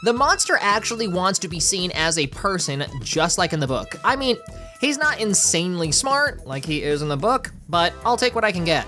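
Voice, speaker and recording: A woman's voice: fairly low pitch, big pitch swings, brisk, bright, forceful tone, faint music behind. A woman hosting a commentary video, talking casually with wry, sarcastic asides.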